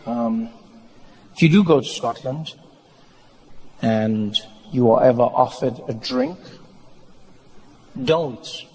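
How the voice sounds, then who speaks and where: A man performing a stand-up routine on stage, telling a story with animated delivery and playful impressions. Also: medium pitch, slow pace, long pauses, a little hiss or hum. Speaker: stand-up comedian. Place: comedy stage before a live audience. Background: audience laughter.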